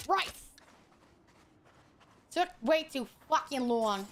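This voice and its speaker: A woman's voice: high voice, expressive, normal speed, a bit bright, soft background music. Brash, foul-mouthed young woman streamer. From Hawaii. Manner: brash, profane and teasing, with frequent laughter. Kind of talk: casual gaming livestream, reading chat.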